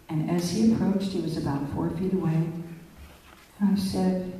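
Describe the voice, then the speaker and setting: Woman speaker, low dark voice, storytelling talk, in a distant echoey hall. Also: steady tone, normal speed, pauses often. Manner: vivid storytelling with acted dialogue.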